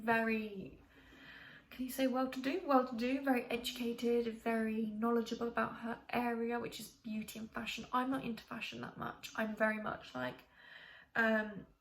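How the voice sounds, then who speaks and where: A woman's voice: a little high, creaky. A young woman from the UK chatting casually to camera as a vlogger, rambling with many ums and restarts. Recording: echoey room, faint hiss.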